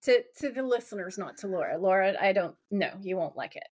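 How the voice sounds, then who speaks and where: A woman's voice: mid-range voice, expressive, brisk, darkish tone. A woman co-hosting a podcast, recapping a TV episode in casual chat and laughing often. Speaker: podcast co-host.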